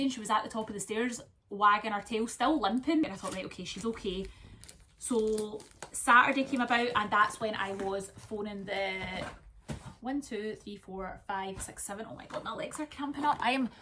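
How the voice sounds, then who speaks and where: Bright-voiced chatty Scottish woman. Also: fairly high pitch, fairly quick, a little hiss or hum. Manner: chatty, rambling storytelling with asides. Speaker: vlogger. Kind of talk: casual chat while wrapping gifts.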